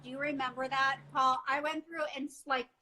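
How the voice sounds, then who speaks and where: Bright, high-voiced bubbly woman. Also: fairly even intonation, brisk, rough recording. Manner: bubbly, laughs often, chatty. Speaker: livestream host. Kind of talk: casual chat. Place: indoors at her quarantine lodging. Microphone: phone.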